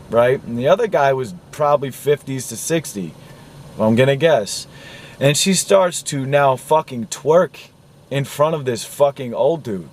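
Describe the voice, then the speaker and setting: A man ranting angrily about a film he watched, swearing often, sounding disgusted and repeating himself. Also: fairly high pitch. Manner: profane, indignant, repeats himself. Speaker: vlogger reviewing a film. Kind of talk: angry film rant.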